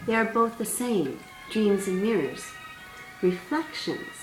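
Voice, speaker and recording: A woman's voice: mid-range voice, lively intonation, measured pace, lightly acted. Wise little caterpillar, as a woman puts him on. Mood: patient. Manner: patient, lecturing, mildly exasperated. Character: small green male caterpillar, calm and wise. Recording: roomy sound, distant mic, faint music.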